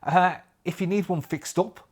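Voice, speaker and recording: Man putting on a stammering, pleading young soldier. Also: normal speed. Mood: eager. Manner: stammering, pleading, high-pitched. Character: eager injured male soldier pleading to join.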